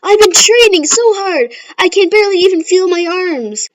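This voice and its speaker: A woman voicing an emotional teenage boy hero who shouts and cries out his admiration. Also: high-pitched, moderate pace, close to an everyday voice. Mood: pleading shout. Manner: shouting and tearful. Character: emotional teen boy hero, gushing and earnest.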